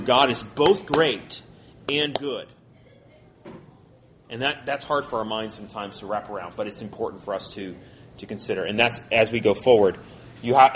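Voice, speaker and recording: Guy teaching bible to college kids, quick chatty delivery, average voice, a little background hiss. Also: mid-range voice. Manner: conversational, quick, asks the class questions.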